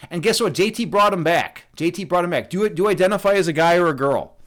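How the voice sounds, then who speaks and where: A young man hosts a casual livestream as a meditation instructor, chatting with viewers in a rambling, joking, absurdist way packed with fillers and restarts. His high, slightly bright voice moves at a quick pace with few pauses.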